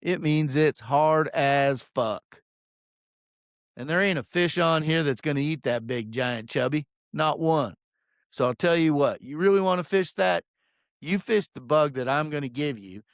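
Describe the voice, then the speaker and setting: Man doing a condescending fishing guide, put-on accent, raised pitch, louder, dry close sound. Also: measured pace, dry recording. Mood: scolding. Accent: put-on exaggerated accent. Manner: condescending, profane, drawling "son". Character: blustering male fishing guide lecturing a client.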